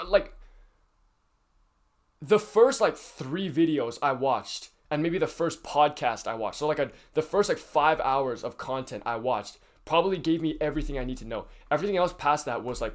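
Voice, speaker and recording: Teenage boy, casual advice vlog, rambling, filler-heavy, swears freely, mid-pitched voice. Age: teens. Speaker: youtuber.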